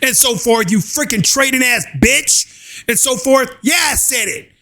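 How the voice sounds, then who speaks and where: A man ranting loudly and crudely in fired-up political commentary. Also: extremely high pitch, unhurried. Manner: loud, fired up, drawling and crude.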